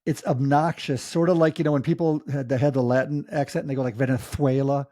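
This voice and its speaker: A man's voice: mid-range voice, fairly even intonation, quick pace, mellow, no echo. A man co-hosting a podcast in casual chat, making dry, wisecracking remarks. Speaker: podcast co-host.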